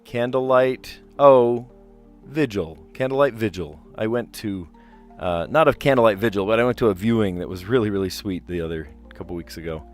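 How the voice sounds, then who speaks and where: A man streaming himself solving word puzzles, chatting casually and thinking out loud as he reads clues. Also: lowish voice, moderate pace, faint music behind. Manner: chatty, rambling, reads clues aloud and muses over answers. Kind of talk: casual live-stream commentary, thinking aloud.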